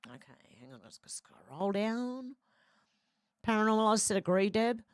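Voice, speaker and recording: A woman's voice: mid-range voice, sing-song, unhurried, clear, resonant tone, no echo, studio quality. A middle-aged woman, hosting a casual livestream and reading viewer comments aloud in a chatty way. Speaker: livestream host reading chat. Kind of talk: casual chat.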